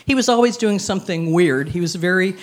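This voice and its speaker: A woman's voice: on the low side, a little fast. Wry woman telling a story on stage. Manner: wry, self-mocking, laughing through lines. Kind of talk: live personal storytelling. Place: stage before an audience.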